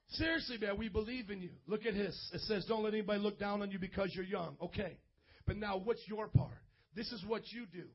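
A young adult man preaching a youth sermon as pastor, energetic and playful, building up to shouts. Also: high voice, breathy edge, dull audio. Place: church youth service.

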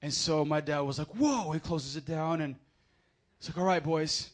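Guy preaching, gets loud and emphatic then drops way down to tell a story, voice sits a bit high. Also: normal speed. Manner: builds to loud emphatic proclamations, then drops low for anecdotes. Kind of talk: sermon with storytelling.

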